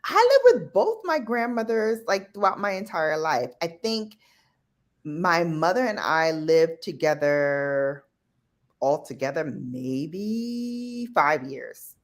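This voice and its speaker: A woman appearing as a guest on a live stream chats casually in a low, even voice, speaking slowly. Her storytelling is loose and reflective, full of fillers and asides.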